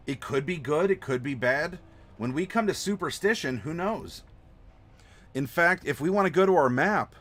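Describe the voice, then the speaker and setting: A man hosting a live map-design stream, chatting to viewers in an animated, playful way. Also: on the high side. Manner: animated, playful, talks to chat. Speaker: host.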